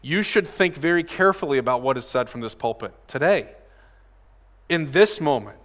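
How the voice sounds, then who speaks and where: A man's voice: a little high, expressive, normal speed, fairly bright tone, big-room sound. A male pastor giving a casual, direct sermon at a pulpit microphone and often asking his congregation questions. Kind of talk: conversational sermon. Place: church sanctuary.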